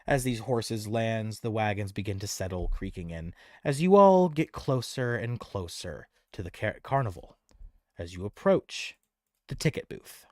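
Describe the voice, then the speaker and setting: Animated male game master. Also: fairly low pitch, a little slow, dry recording, clean studio sound. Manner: animated, descriptive. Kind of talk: narrating a tabletop game.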